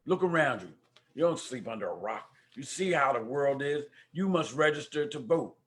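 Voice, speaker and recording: A man's voice: mid-range voice, lively intonation, moderate pace. An older man hosting a community talk livestream, greeting viewers by name and urging them to vote. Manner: warm preacher-like exhortations. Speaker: host of a community talk show. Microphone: microphone at home.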